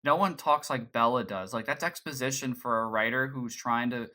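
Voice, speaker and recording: Bright-voiced podcast co-host. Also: mid-range voice, moderate pace. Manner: loose, rambling retelling with restarts. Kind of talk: casual pop-culture chat.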